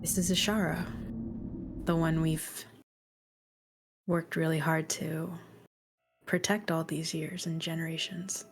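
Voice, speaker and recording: Woman player in a d&d game, unsure, stumbling, soft music behind. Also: low voice, little pitch movement, slow pace, long pauses. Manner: hesitant, with restarts and confused questions. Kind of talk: playing a character in a tabletop game.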